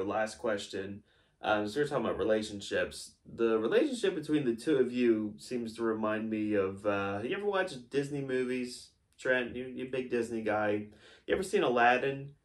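A man's voice: fairly low pitch, recorded from a distance. A man hosting a mock sports interview, firing mock-serious, accusatory questions. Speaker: host, interviewer.

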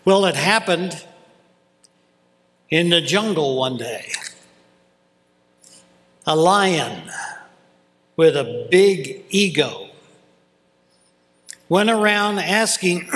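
A man preaching a sermon as pastor, dramatic, with long pauses for emphasis. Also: a little high, a bit bright. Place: church. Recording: long reverb of a church hall.

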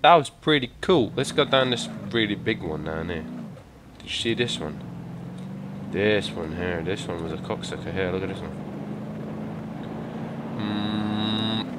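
An energetic young man giving excitable, swear-heavy commentary on a driving game. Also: fairly low pitch. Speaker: gaming YouTuber. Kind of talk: gameplay commentary. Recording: loud game car noise behind.

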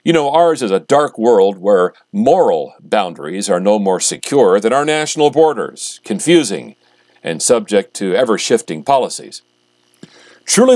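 A man, a pastor, reading scripture aloud and preaching in a measured, emphatic way, slowing down on key phrases. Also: medium pitch, a little mellow, no echo.

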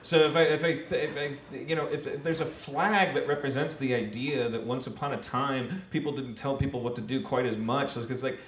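A man from Wisconsin hosting a live podcast on stage, talking in a halting way that repeats words as he thinks. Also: medium pitch, fairly even intonation. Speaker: podcast host. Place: theater stage before an audience. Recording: echoey live venue, faint noise.

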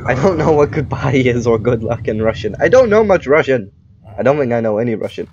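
Male let's-play host, mid-pitched, hammy fake Russian accent, gruff joking banter. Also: animated, fairly quick, darkish tone, highs cut off, slight background noise. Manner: exaggerated put-on Russian accent; playful, gruff border-guard banter. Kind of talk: gaming commentary. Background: game music.

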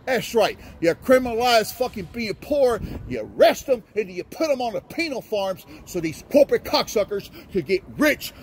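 Man, very high voice, profane shouting, faint road noise. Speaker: vlogger. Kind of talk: angry rant at police from a car. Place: in a car driving by.

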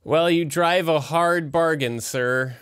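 A man's voice: on the high side, slow pace, fairly bright tone, clean tone. A man playing a tabletop role-playing game, hesitant and polite, chuckling between lines. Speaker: player.

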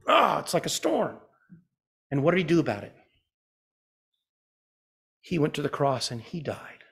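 A man preaching a sermon as pastor. He asks the congregation questions and swings from loud, urgent emphasis to a hushed softness. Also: high-pitched, lively intonation, measured pace, gravelly, long pauses, breathy edge.

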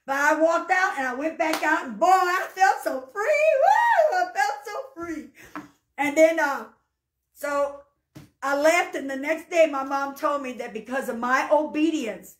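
A high-voiced woman gives an unhurried spoken testimony and sermon to listeners in an echoey room where her voice rings. She's a folksy, down-to-earth storyteller who turns fervent at times, breaking into shouts of hallelujah.

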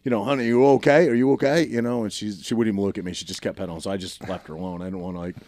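Laid-back New storyteller. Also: male voice, deep voice, very fast, darkish tone, no room sound. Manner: laid-back storyteller, tags lines with "right?". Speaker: podcast co-host. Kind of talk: casual chat.

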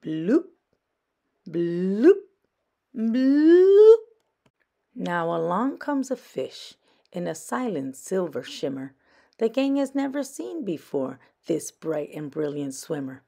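A woman reading a children's picture book aloud in a slow, sing-song storytime voice. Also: lowish voice, big pitch swings, vocal fry, a little mellow, husky. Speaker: storytime reader.

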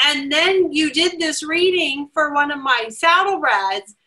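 A woman host with a high, bright voice talks with a guest in a casual interview. She gushes in a chatty way and fills her sentences with fillers. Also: unhurried, low-quality recording. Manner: gushing, chatty, filler-heavy.

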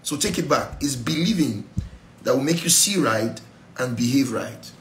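A Nigerian man preaches a Bible study in a church, urging his listeners on and dropping pidgin asides between his points. His mid-pitched voice rings round a roomy hall, with a faint hum of ambience behind it. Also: animated, moderate pace, fairly bright tone. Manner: exhortative, mixes in pidgin asides. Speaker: pastor. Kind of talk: sermon, Bible study teaching.

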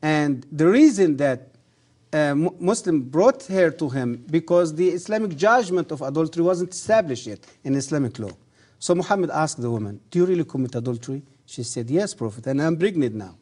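Man, middle-aged, earnest, halting grammar, fairly high voice, mellow tone, religious TV guest. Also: lively intonation, slightly rough. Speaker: guest, former professor. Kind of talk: religious TV interview.

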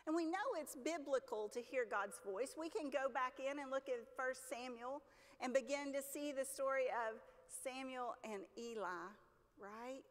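A woman's voice: high voice, moderate pace. A woman pastor preaching a sermon in a church, talking conversationally with the congregation, asking them questions and acting out the people in her stories. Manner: acts out characters in stories with lively voices. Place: church sanctuary. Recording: long reverb of a church hall.

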